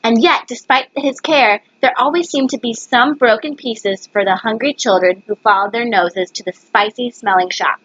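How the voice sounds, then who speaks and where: A woman's voice: a little high, moderate pace, hardly any pauses, fairly bright tone, no room sound. Woman, storybook reading, stumbles and self-corrects, webcam, dry, muffled. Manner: stumbles over words and corrects herself. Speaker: reader. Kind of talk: reading a picture book aloud.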